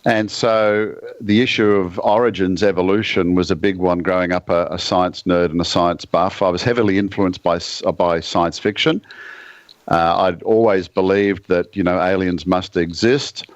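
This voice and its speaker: A man with an Australian accent, a guest on a radio talk show, speaking in a measured, thoughtful way with dry humor. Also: low-pitched, fairly even intonation, dry recording, lo-fi sound. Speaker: guest author and ministry leader. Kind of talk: casual radio interview.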